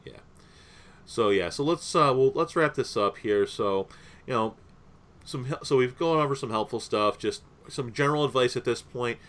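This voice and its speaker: Young man, podcast host, rambling casual chat, middle pitch, lots of fillers. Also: moderate pace, fairly bright tone. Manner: rambling, with many fillers and laughs.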